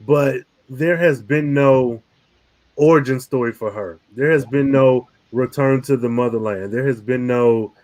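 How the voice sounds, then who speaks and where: A man's voice: medium pitch, unhurried, a little mellow. A man hosting a casual review podcast, talking animatedly, laughing often and swearing casually. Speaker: podcast host.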